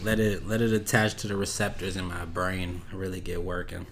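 A man's voice: sits low, flat delivery, moderate pace, fairly bright tone, a little hiss or hum. A man hosting a casual solo podcast, talking in a laid-back, rambling, slangy way that drifts off topic. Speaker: podcast host.

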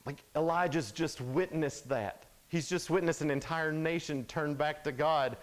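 A man giving a youth sermon, telling a Bible story in an animated, casual way, full of "like" and quick asides. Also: on the high side. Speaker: youth speaker.

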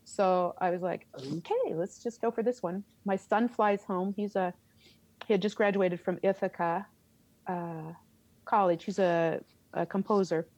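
Speaking at a measured pace in a medium pitch, a middle-aged theater teacher recounts a story for an interview. She laughs and acts out her reactions animatedly, with no room sound on the recording.

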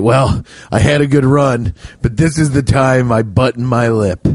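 A young adult man hosting a podcast alone, telling rambling, profane, joking stories and putting on quick voices for the people in them. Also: mid-range voice, a little mellow, no echo. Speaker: podcast host. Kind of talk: casual rambling monologue.

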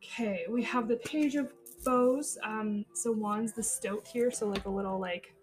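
Woman, podcast host, loose chatty tarot reading; higher voice, filler-heavy, casual swearing, restarts. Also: steady tone, a little slow, poor audio. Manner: thinks aloud, stumbles and restarts.

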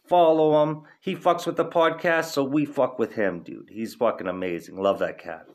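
A man's voice: medium pitch, fairly even intonation, moderate pace. A young man hosting a podcast in casual chat, laid-back and rambling, swearing freely, stoned. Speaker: podcast host.

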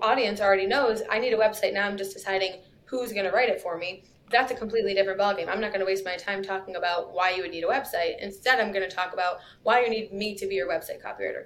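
Young woman guest, casual podcast chat, chatty with quick asides, faint rumble behind. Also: a bit bright. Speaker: guest copywriter.

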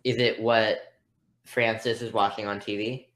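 A woman with an unusually deep, low-pitched voice chats on a podcast. She rambles from thought to thought and pokes fun at herself, keeping it loose and easygoing. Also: little pitch movement, unhurried. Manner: chatty, rambling, self-deprecating. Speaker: podcast co-host. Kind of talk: casual chat.

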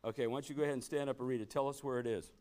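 A man's voice: mid-range voice, fairly even intonation, racing, a little mellow. A man leading an interactive Bible study, preaching emphatically and firing rhetorical questions at his listeners. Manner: emphatic, keeps asking "you know what?", exclamatory bursts. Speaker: church meeting leader.

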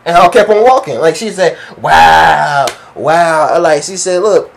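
A man's voice: sits high, a little fast. A young man telling a workplace story in casual chat, acting out what people said with heavy slang. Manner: animated, acts out quotes, heavy slang.

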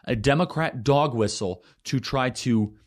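A man's voice: medium pitch, unhurried. A young man hosting a heated political monologue, combative and full of rhetorical questions with emphatic rising bursts. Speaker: political commentator host.

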